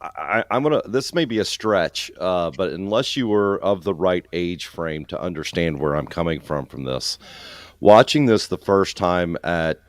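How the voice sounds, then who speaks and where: A man in his fifties talks in a relaxed group chat with a very deep voice. He speaks in a reflective, rambling way, and the sound is dry and close. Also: measured pace, dry recording. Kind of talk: casual chat.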